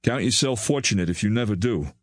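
A man voicing a kindly, soft-spoken older male doctor, his voice low and gentle. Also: lively intonation, brisk, no room sound. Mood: grave, measured.

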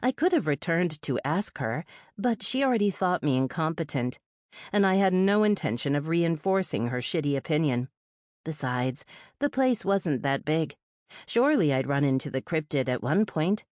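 A woman's voice: low-pitched, big pitch swings, normal speed, darkish tone, no echo, studio quality. A woman reading a first-person urban fantasy audiobook in a wry, sardonic way. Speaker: audiobook narrator. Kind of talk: first-person fiction narration.

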